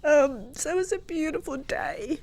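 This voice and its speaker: A woman, a guest telling a personal story in an interview, lively, moving from hushed to loud. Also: high voice, moderate pace, vocal fry. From Croatia.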